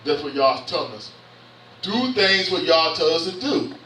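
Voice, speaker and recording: A man's voice: on the high side, expressive, sharp tone, a little hiss or hum. A man preaching a sermon in a church, talking to the congregation and reading scripture aloud. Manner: conversational preaching with call-outs to the congregation; reads scripture aloud haltingly. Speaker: bishop preaching. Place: church hall. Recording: echoey church hall, mic from far off.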